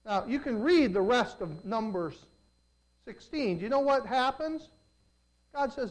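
A preacher giving a sermon, telling the story in an animated way full of rhetorical questions. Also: mid-range voice, a little slow, low-quality recording.

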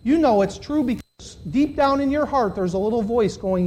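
A man preaching a sermon to a congregation, swinging between loud, high, impassioned stretches and low, earnest appeals. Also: a little fast, hardly any pauses, a little hiss or hum. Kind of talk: sermon with altar call. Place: church.

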